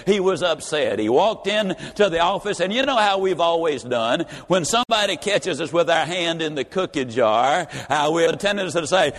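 A man's voice: fairly high pitch, brisk, long reverb tail. A man giving a motivational speech, telling a story and acting out every character. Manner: animated, acts out every character. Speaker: motivational speaker.

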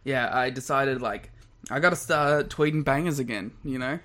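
A man, co-hosting a podcast in casual chat, lively and quick to laugh as he rambles through stories. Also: medium pitch. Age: 20s. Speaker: podcast co-host.

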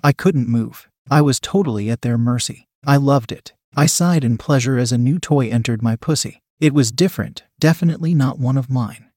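A man reads a story aloud in a steady, even voice, close to the mic. The sound is dry, with no room around it, and his pitch sits in the middle. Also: moderate pace, few pauses, dry recording. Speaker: story narrator. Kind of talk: scripted first-person narration.

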